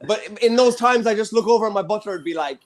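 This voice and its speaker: A young Irish man emceeing a stand-up comedy night, chatty and self-mocking with quick asides. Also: sits high, a little hiss or hum. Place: comedy venue with a live audience.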